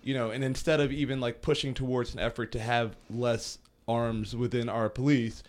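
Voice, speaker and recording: Young American guy, casual and profane, an animated storyteller who does mocking voices, mid-pitched. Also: normal speed. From United States. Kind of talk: casual chat.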